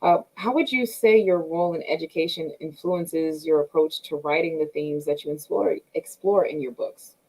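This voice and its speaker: A woman's voice: low voice, normal speed, few pauses, darkish tone, rough recording. Affirming woman interview host. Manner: affirming and encouraging.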